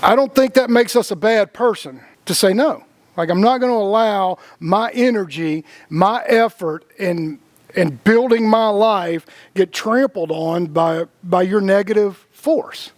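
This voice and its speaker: A man with a high voice talks in a loose, rambling way, often repeating words and breaking into laughter. He co-hosts a casual spiritual chat and acts out the voices of people he quotes. The sound is dry and close, with no room echo. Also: a little slow. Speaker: podcast co-host.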